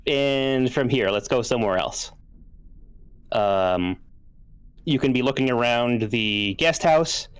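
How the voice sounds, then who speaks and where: A man narrating a tabletop horror game as game master in a relaxed, conversational way with frequent fillers. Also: medium pitch, slow pace, long pauses, smooth.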